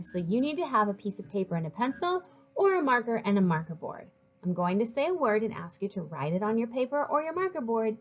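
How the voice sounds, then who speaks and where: A woman teaching a phonics lesson to children, slowly modeling each sound and encouraging them to read along. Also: on the high side, muffled recording.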